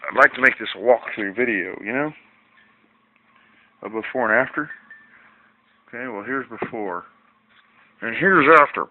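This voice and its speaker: A man's voice: mid-range voice, moderate pace, long pauses, slight background noise. A man rambling through a casual home video walkthrough of his hobby project, folksy and easily irritated. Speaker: hobbyist showing a fish tank project. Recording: tinny lo-fi home camera audio.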